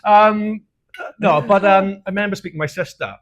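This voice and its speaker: A Welsh man co-hosting a podcast, telling a personal story in a frank, casual way, swearing freely and laughing at his own dark humour. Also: sits high, moderate pace. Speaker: podcast co-host.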